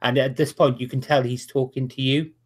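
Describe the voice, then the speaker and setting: A man's voice: medium pitch, little pitch movement, slightly rough. A man running a tabletop wrestling game as game master, narrating with many restarts and fillers over an online call. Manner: halting, full of restarts and "uh". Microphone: online video call.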